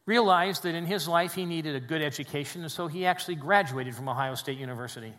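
A man preaching a sermon in a church, swinging between loud emphatic peaks and quiet, low drops. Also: big-room sound. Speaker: pastor. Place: church sanctuary with congregation.

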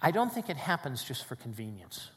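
A man preaching a sermon in a church, swinging between loud emphatic peaks and quiet, low drops. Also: sing-song, fairly quick, in a large hall. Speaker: pastor. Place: church sanctuary with congregation.

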